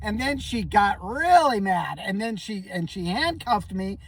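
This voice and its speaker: A man's voice: sits high, animated, unhurried, a bit bright, far from the mic. Rattled man rambling through a story, coughing. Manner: rambling, stammering, clears throat and coughs often. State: shaky and rattled. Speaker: comedic vlogger.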